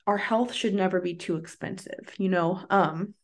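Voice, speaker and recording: A woman's voice: mid-range voice, normal speed. A woman hosting a casual solo podcast as a health coach, talking earnestly and encouragingly with lots of "like" fillers and light laughs. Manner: chatty, earnest, filler-heavy with frequent "like".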